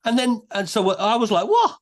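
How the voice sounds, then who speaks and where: Man, lively storytelling, swooping pitch, casual guest. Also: normal speed. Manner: animated, many restarts and quoted voices.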